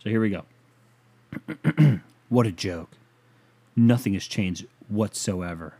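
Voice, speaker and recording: A man's voice: on the low side, takes it slowly, mellow. A man hosting a casual, comedic rant show, talking in a profane, sarcastic and rambling way.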